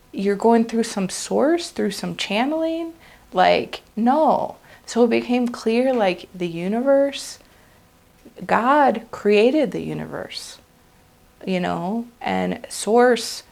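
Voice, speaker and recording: Slow, gravelly-voiced woman sharing a testimony. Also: on the low side, darkish tone. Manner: earnest, confessional, heartfelt. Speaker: vlogger sharing a religious testimony. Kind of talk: personal testimony, unscripted.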